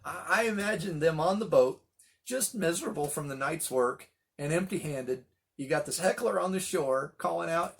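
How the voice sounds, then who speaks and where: Man, middle-aged, pastor, Bible study teaching, slightly high voice, animated storytelling. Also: fairly quick.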